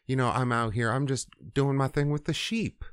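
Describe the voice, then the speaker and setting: A man's voice: medium pitch, fairly even intonation, moderate pace, smooth, no echo, voice pushed up, lightly acted. A man voicing a reluctant shepherd who stammers out nervous excuses.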